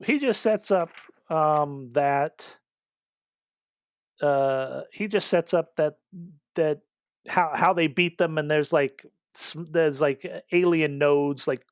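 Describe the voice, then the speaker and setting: A man hosting a casual movie-critique podcast, recapping in a halting, mocking way with lots of fillers and restarts. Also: fairly high pitch, dry recording. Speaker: podcast host.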